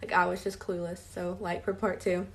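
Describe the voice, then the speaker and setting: A woman's voice: on the low side, flat delivery, brisk. A young college-age woman telling a casual story time, with many fillers. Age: young adult. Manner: filler-heavy narrating. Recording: voice a bit distant from mic.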